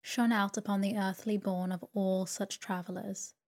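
A woman narrating a classic novel as a sleep story, in a slow, even and soothing manner. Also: medium pitch. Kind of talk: calm sleep story reading.

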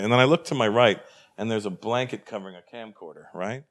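A comedian from Canada telling a story in a hotel room, acting out the other people in it. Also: male voice, on the low side, fast. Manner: animated, acts out voices in his story. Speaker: comedian guest. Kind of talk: storytelling anecdote.

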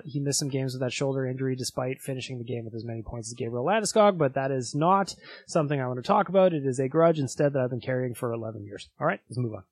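A male podcast host from Canada chats casually with his listeners and laughs easily. His voice is mid-pitched. The recording is dry and close. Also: dry recording.

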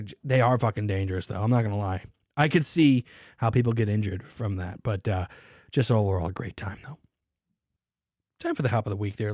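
A man hosting a casual show, telling a story in an animated way with lots of swearing, then talking about beer hops. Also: mid-range voice, no room sound, clean studio sound. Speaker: podcast host.

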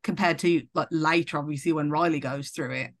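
Low-voiced woman guest on a film podcast. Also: steady tone, brisk, dry recording. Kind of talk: casual film discussion.

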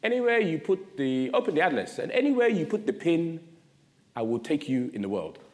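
Firm Ghanaian mother, high and emphatic, as her son puts her on, reverberant hall. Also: very animated, a little fast, darkish tone.

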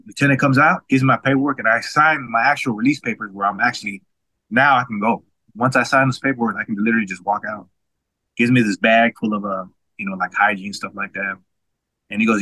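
A man in his forties tells a personal story at a brisk clip, his voice bright and ringing. He stammers and restarts, then jumps into the voices of people he quotes. The sound is dry and close-miked, with faint music underneath. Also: lowish voice, no echo, poor audio. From Washington State, USA. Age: 40s. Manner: animated, acts out others' quoted lines, frequent stammered restarts. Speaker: guest.

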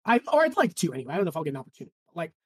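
A woman's voice: fairly low pitch, very animated, racing, a little mellow, slightly rough, no echo, studio quality. Chatty woman podcast co-host. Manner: chatty, lots of "like" and restarts. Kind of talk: casual book-club chat.

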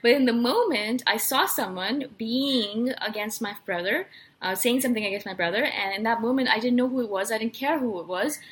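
A young woman hosting a personality talk, telling a personal story in an earnest, animated way with lots of fillers. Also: fairly high pitch, brisk. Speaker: personality podcast host. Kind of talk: casual personal monologue.

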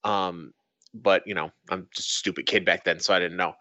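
Young man, low voice, reading news aloud, profane side comments, dry muffled mic. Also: steady tone, moderate pace, pushed and bright, dry recording. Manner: reads an article, breaks off into profane asides. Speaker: podcast co-host.

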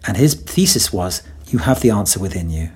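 A man chats in an interview with a husky, slightly breathy voice. He tells stories playfully and acts out quotes with a teasing edge. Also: low voice, animated, a little fast, a little mellow. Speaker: guest. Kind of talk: conversational podcast interview.

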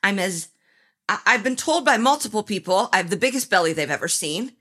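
A woman's voice: mid-range voice, animated, fairly quick, sharp tone. A pregnant woman in her thirties co-hosting a comedy podcast, rambling and self-deprecating, laughing often. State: heavily pregnant. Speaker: podcast co-host. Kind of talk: casual comedic chat.

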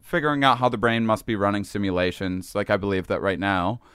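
A young man, a podcast guest, telling a story in casual chat, animated and laughing often as he acts out the voices of people in it. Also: on the low side, a little fast, smooth, dry recording, clean studio sound.

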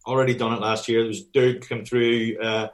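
A man's voice: medium pitch, little pitch movement, fairly quick. A man talking as a fitness business coach in a casual chat, blunt and swearing often, acting out bits of dialogue.

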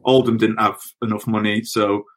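This middle-aged man, once a footballer, swaps podcast anecdotes in a chatty manner, laughing as he tells them. He has a lowish voice, a flat delivery, and a moderate pace.

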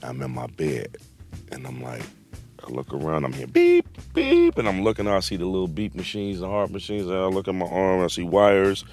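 Casting: middle-aged man, very deep voice, casual slangy storyteller, faint music bed. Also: moderate pace. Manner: animated, slangy, acts out quotes. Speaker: guest telling a story.

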